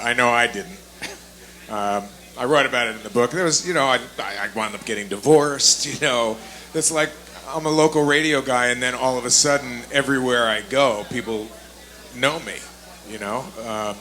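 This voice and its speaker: Candid man with a bright voice. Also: medium pitch. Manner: candid, laughing. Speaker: panelist, former music TV host. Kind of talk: live panel storytelling. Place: live expo panel stage.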